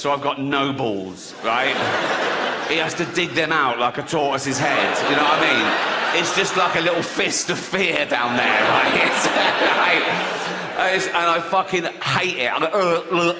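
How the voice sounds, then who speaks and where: A man's voice: a little high, reverberant, heavy background noise. A man, performing a crude stand-up routine and laughing through his own punchlines. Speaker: stand-up comedian.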